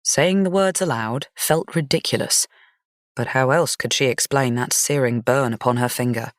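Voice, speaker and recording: A woman narrating a gothic fantasy romance audiobook in an even, measured storytelling manner. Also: a bass voice, no echo, studio quality.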